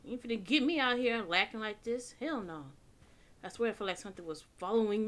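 Jumpy, lively young woman gamer. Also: a little high, a little fast. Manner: jumpy, swearing, talking to herself. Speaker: gaming channel host. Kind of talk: horror game let's play.

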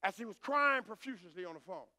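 High, bright-voiced pastor preaching. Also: male voice, lively intonation, fast talker, dry recording. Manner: call-and-response preaching, rising to shouts. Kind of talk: preaching a sermon.

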